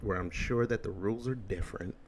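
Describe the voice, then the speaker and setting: Blunt, low-voiced ranting man. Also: brisk, slight background noise. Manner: blunt, emphatic, crude. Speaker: commentary host. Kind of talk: ranting commentary.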